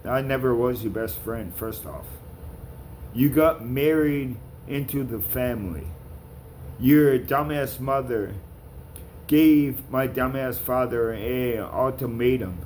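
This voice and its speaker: Guy ranting slow into his camera, cussing people out, calling them out. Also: medium pitch, darkish tone, slight background noise. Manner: confrontational, profane, calling people out. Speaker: vlogger.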